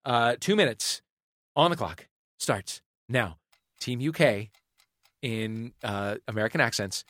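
A man hosting a comedy panel game show, upbeat and quick with asides. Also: medium pitch, animated, a bit bright, no room sound, clean studio sound. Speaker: host.

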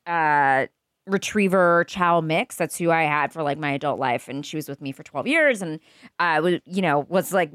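A woman's voice: fairly low pitch, a bit bright, no room sound, studio quality. A woman guest on a podcast chatting casually, rambling with lots of fillers and frequent laughs. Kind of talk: casual chat.

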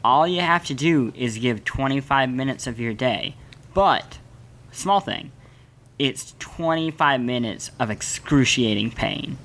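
A man in his twenties co-hosting a casual comedic podcast, talking with wry, deadpan-ish delivery. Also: medium pitch, measured pace. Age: 20s. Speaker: podcast co-host.

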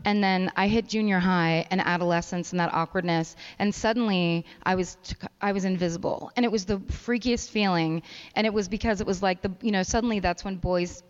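A woman's voice: mid-range voice, brisk, clean tone. A woman guest comedian telling self-mocking stories on a live festival stage. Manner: self-mocking, animated anecdotes. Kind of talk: candid storytelling on stage. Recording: long hall reverb, dull live recording.

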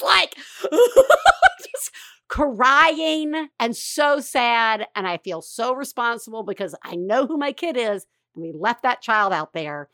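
A woman host in her middle years tells a messy family story in a rambling, self-deprecating way, swearing freely. Her voice sits on the high side. It is recorded close to the mic with a very dry sound. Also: fairly bright tone, no echo. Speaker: podcast host. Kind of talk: casual chat, emotional storytelling.

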